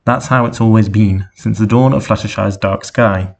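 A man's voice: fairly low pitch, steady tone, moderate pace, gravelly. A man voicing a female magical pony heroine, sure of herself and matter-of-fact, in a read-aloud fan story.

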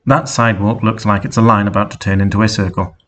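A man voicing a naive young man who asks flat, wondering questions. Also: on the low side, fast talker, a little hiss or hum, close to an everyday voice. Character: naive young man, easily impressed hero.

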